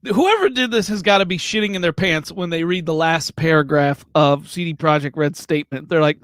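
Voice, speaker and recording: A man co-hosting a casual gaming podcast, talking in an animated, rambling way with many fillers. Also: fairly high pitch, brisk, few pauses, no room sound.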